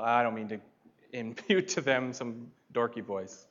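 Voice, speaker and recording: A man preaching a sermon, deliberate and building to emphatic points. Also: mid-range voice, fairly bright tone, lo-fi sound. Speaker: pastor.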